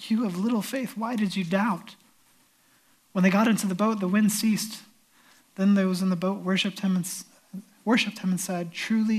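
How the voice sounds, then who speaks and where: A male pastor preaching a sermon and retelling a scripture story vividly. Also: sits high.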